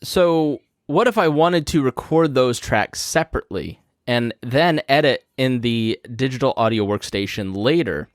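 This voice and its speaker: A man's voice: medium pitch, animated, measured pace, hardly any pauses, no room sound. A man hosting a podcast, explaining a topic step by step in a casual, conversational way from his studio. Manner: conversational, walks through steps plainly. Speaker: podcast host. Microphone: studio microphone through a podcast mixing board.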